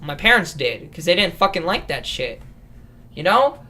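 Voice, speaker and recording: A man's voice: a little high, very animated, moderate pace, pushed and bright. A young man in his late teens rambling through a casual podcast rant, swearing and restarting his sentences often. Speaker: vlogger.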